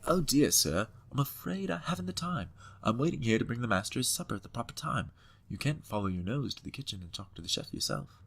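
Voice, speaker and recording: A man's voice: mid-range voice, very animated, fast talker, creaky, a bit bright, full character voice. A man voicing a fussy, polite butler of a haunted estate in a computer game, speaking in a prim, apologetic and formal way.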